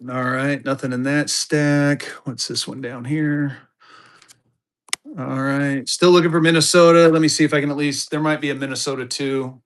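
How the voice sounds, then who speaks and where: A man's voice: a little high, little pitch movement, normal speed, smooth. A man, chatting casually to viewers as a live-stream seller and thinking aloud as he digs through his stock. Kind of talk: casual live auction chat.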